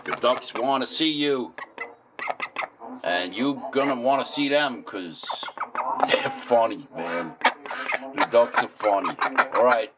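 A man's voice: mid-range voice, slow, pauses often. A man casually rambling in a vlog outdoors in his yard, playfully talking to his ducks. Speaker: backyard farm vlogger. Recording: loud outdoor noise with fowl. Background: loud ducks quacking.

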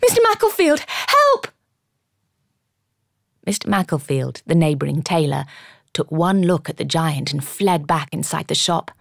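A woman's voice: deep voice, normal speed, gravelly, no room sound, studio quality. A woman narrating an audiobook in the first person, with dramatic storytelling.

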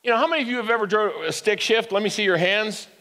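A man's voice: sits high, fast talker, bright, forceful tone, long reverb tail. An older man preaching a sermon as pastor, with call-and-response that climbs to emphatic peaks. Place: church sanctuary.

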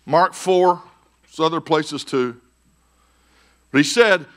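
A man preaching a conference sermon as pastor, swinging between shouted peaks and hushed, quiet passages. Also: fairly high pitch, measured pace, long pauses. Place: church conference stage.

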